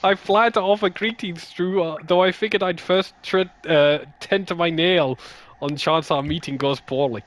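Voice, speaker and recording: A man's voice: high voice, fairly even intonation, a bit bright. Man putting on a Scottish bug wanderer. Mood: friendly. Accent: put-on Scottish drifting to Irish. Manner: slow, drawn-out delivery, keeps laughing. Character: male wandering bug explorer, friendly, attempted Scottish.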